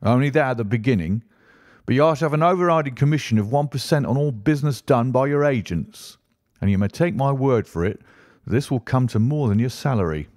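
A man reading a brisk, smooth-talking agent. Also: medium pitch, lively intonation, a little mellow, dry recording, studio quality, close to an everyday voice. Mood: persuasive. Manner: brisk, clipped, persuasive. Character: brisk, flattering middle-aged male financial agent. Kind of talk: audiobook character reading.

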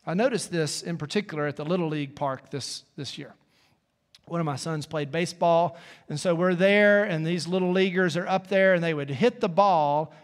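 Man preaching with church reverb. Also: a little high. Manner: conversational preaching, folksy asides. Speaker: pastor. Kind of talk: sermon. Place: church sanctuary.

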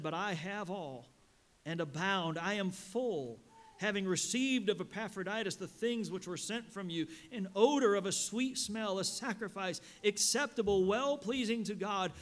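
A man preaching a sermon as a pastor in a church, reading scripture slowly and rising with emphasis. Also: sits high, fairly bright tone. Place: church sanctuary.

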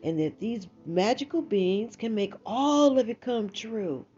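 An eager young son pleading earnestly with his mother, as a woman puts on his voice. The voice sits well above her usual low register and the words tumble out quickly. The sound is muffled and lo-fi, with faint music behind. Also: expressive, dark tone.

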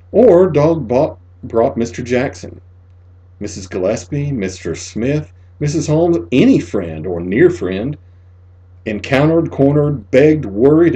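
A man narrating a literary short story as an audiobook, measured and expressive, sinking to a near whisper in the sad passages. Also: on the low side, breathy edge. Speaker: audiobook reader.

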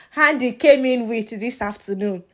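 A young Nigerian woman with a Nigerian accent, recapping reality show drama in a casual gossip vlog, animated and laughing with Pidgin asides. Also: on the high side.

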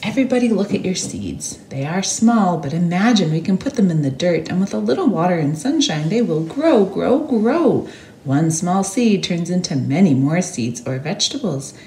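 Lively woman reading a children's story. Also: lowish voice, normal speed, few pauses, echoey room, a little hiss or hum. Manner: expressive, animated read-aloud with sound words. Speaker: children's storyteller at a church service. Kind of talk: reading a picture book aloud to children.

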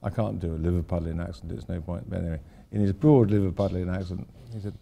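A man's voice: low-pitched, steady tone, quick pace, vocal fry, dark tone, slight background noise. An older man, an architect giving an informal lecture, rambling through anecdotes with wry asides.

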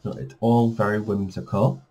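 A man's voice: fairly low pitch, fairly even intonation, moderate pace, dark tone. A man giving a casual flip-through review of a colouring book, chatty, with frequent fillers and self-corrections.

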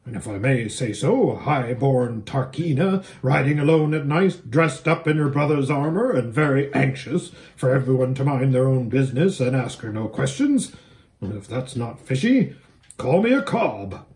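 A man's voice: medium pitch, animated, moderate pace, darkish tone, close to an everyday voice. Bree, a man doing a pompous talking warhorse. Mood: lofty. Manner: pompous, lecturing. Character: proud talking male warhorse, bossy.

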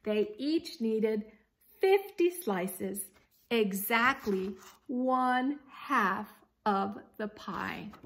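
A woman reading a children's picture book aloud as a teacher, expressive and pausing to ask her young listeners questions. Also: a little high. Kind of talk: children's story read-aloud.

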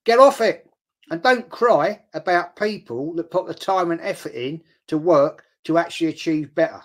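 A middle-aged man chats bluntly during a casual livestream and reads out viewer comments. His voice is a little high for a man, and he talks at a moderate pace.

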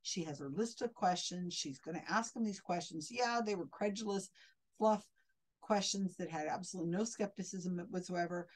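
A woman's voice: on the low side, a little mellow, low-quality recording. A woman commenting critically on a video clip as a skeptic, sounding indignant and often restarting her sentences.

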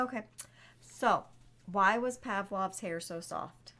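A woman's voice: mid-range voice, slow, background noise. A woman co-hosting a live stream, reading out viewer questions in a playful, giggly way.

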